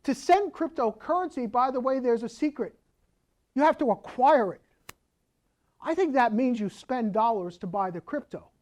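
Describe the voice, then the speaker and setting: Higher-voiced woman lecturing. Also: darkish tone. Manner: explanatory, with rhetorical questions and asides. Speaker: accountant and auditor giving a lecture. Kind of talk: conversational lecture.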